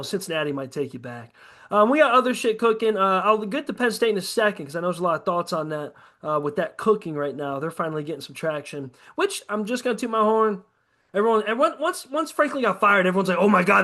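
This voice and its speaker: A man's voice: sits high, expressive, fast, pushed and bright. A man co-hosting a podcast, chatting casually and profanely about sports, ranting hard and mocking others in quoted asides. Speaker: podcast co-host.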